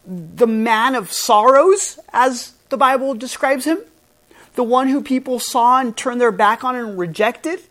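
A woman's voice: sits high, steady tone, normal speed, fairly bright tone. A woman pastor preaching a sermon in an earnest, emphatic way, stressing and spelling out key words.

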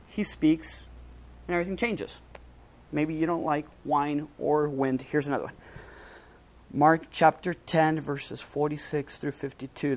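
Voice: medium pitch, rough recording. A preacher giving a casual, conversational sermon, using slang and acting out quoted lines with a raised voice.

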